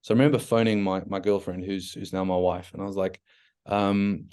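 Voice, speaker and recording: A man's voice: deep voice, fairly quick, smooth. South African man telling his story. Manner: frank and animated, many restarts and "like" fillers. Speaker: podcast guest. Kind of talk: casual storytelling interview.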